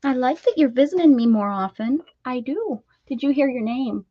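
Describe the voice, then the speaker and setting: A woman's voice: high voice, normal speed, lo-fi sound. A woman hosting a casual crafting livestream, chatting and talking baby-talk to her cat as she works. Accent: American. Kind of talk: casual chat while crafting.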